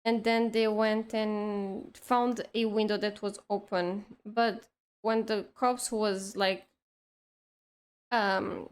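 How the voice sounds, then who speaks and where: A woman telling a long story in casual chat, rambling with lots of "like" and restarts. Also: on the high side. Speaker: streamer.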